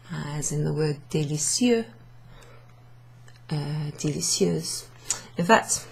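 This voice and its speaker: A woman's voice: on the low side, gravelly, darkish tone, breathy edge. A British woman teaching a beginners' French class, explaining step by step with patience. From Britain. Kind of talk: classroom lesson. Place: room in a pub.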